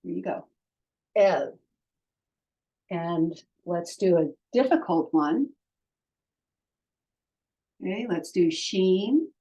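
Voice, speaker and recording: Slow, patient woman teaching Hebrew. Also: on the low side, animated, mellow. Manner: slow, patient, sounds out syllables for learners to repeat. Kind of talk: online language lesson.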